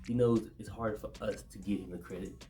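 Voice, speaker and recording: A man co-hosting a casual faith conversation, halting and full of fillers, with a stutter. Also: fairly low pitch, steady tone, over music. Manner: halting, many fillers, laughs easily. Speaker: podcast co-host.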